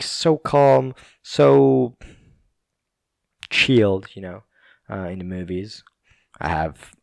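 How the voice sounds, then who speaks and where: A man's voice: low-pitched, no echo, studio quality. A young Italian man with an Italian accent, rambling casually in a monologue, laughing often and full of fillers and restarts. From Italy.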